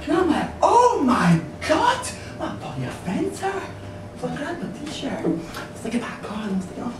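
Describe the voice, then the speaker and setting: A performer playing an excitable young man who tells a rude tale while giggling and shrieking. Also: high voice, normal speed, recorded from a distance. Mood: giggly. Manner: giggling, shrieking, breathless storytelling. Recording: echoey room from afar, hissy.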